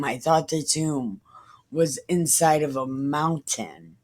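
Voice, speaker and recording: A woman reading a Bible passage aloud and breaking off into profane, confused, deadpan asides. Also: low voice, takes it slowly. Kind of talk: irreverent casual Bible reading with commentary.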